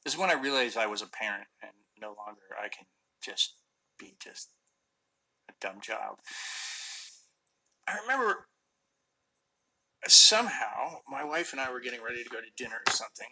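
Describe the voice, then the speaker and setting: A middle-aged actor chatting casually on a phone live stream, answering fan questions with lots of ums and restarts. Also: male voice, medium pitch, sing-song, moderate pace, pauses often, pushed and bright, slightly rough, rough recording. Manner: rambling, many fillers and restarts.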